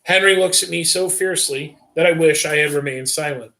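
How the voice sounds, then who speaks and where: Bright-voiced man reading a story. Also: fairly high pitch, brisk. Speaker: story reader. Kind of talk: first-person story narration on a livestream.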